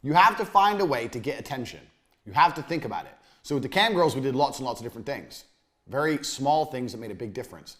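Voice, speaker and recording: A man giving a blunt, crude business lecture in a university room. He swings between loud, forceful emphasis and low, muttered asides. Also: animated, quick pace. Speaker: business speaker.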